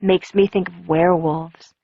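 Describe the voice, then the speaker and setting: Brief: a female reader doing a quiet, mysterious teen boy, lowish voice, dull dry audiobook sound. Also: fairly even intonation, unhurried, creaky, husky, heavily acted. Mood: gentle. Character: mysterious gentle teenage boy.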